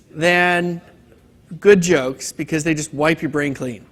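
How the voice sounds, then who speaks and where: His voice sits high and sounds a bit bright, and he takes his time. He's a training instructor lecturing a hands-on data class at a conference, talking informally to the room and telling a corny joke.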